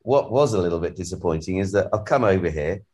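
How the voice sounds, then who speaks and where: An English man with a lowish voice, co-hosting a podcast in a casual, joking way. He is talking over a remote call while nursing a cold, and he often restarts his sentences. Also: lively intonation, fast, a little mellow. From England. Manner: chatty and jokey, with many restarts and fillers. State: has a cold. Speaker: podcast co-host. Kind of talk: casual chat.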